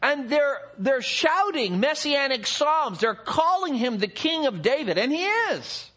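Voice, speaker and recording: A man preaching a sermon as pastor, expressive, rising to excited peaks and dropping to hushed low passages. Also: unhurried.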